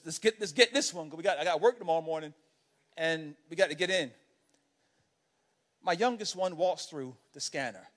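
Preaching like a storyteller, a man with a noticeably high voice talks to his congregation in a conversational, animated way. He keeps them with him by tossing in "right?" and "you know what I mean?"

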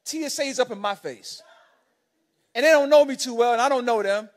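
A man preaching a sermon as an animated, conversational storyteller who keeps checking in with the congregation by asking "right?". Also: very high voice, a little fast. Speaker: pastor.

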